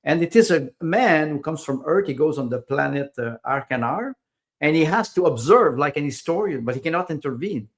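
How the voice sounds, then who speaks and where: A man's voice: fairly high pitch, animated, brisk. A man speaking as a podcast guest in casual conversation, hesitant, with many fillers and repeated words, and small grammar slips of a second-language English speaker.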